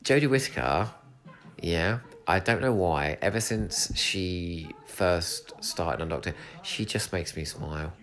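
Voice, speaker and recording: An English man from England hosting a solo podcast commentary at home, chatty and excitable, swearing casually. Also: low voice, unhurried. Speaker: podcast host. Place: home room with a cat.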